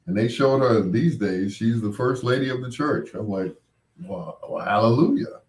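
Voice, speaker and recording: A man's voice: mid-range voice, moderate pace, a little mellow. A man hosting a late-night radio show, chatting in a laid-back way with wry asides.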